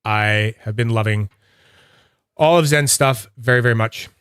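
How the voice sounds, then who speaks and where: Canadian guy with a mid-pitched voice hosting a livestream, loose and self-deprecating, dry sound. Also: unhurried, a bit bright, smooth, no echo. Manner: rambling, self-mocking, laughs often. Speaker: livestream host reviewing fidget toys. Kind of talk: casual livestream chat.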